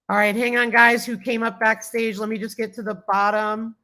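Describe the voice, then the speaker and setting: A woman's voice: on the high side, steady tone, normal speed, few pauses, bright, forceful tone. Chatty woman hosting a live stream. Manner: chatty, greets viewers and reads chat comments aloud; gushing and grateful toward viewers. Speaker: livestream host. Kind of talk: casual live-stream chat.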